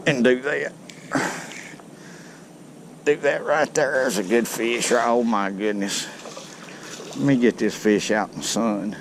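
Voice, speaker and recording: A man's voice: medium pitch, takes it slowly, long pauses, slight background noise. A man hosting a fishing video, chatting in a folksy way from a boat by some docks and talking to the fish he catches. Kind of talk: casual outdoor fishing commentary.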